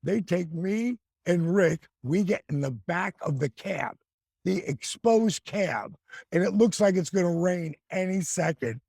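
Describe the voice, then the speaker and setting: Gravelly, animated male storyteller. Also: high voice, a little slow, no echo, clean studio sound. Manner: animated storyteller acting out quoted voices. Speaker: guest.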